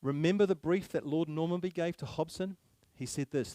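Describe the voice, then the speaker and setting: A man's voice: a little high, normal speed, few pauses, dark tone, no echo. A man giving a public speech to a live audience, emphatic, repeating key phrases and firing rhetorical questions at the crowd. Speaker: speaker at a public meeting.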